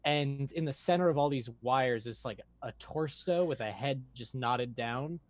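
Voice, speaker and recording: A man plays a tabletop game and lays out a scene in a relaxed, explanatory way. His voice is dry and close, and his pitch sits in the middle range. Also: moderate pace, no room sound. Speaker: player. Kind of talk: casual tabletop play.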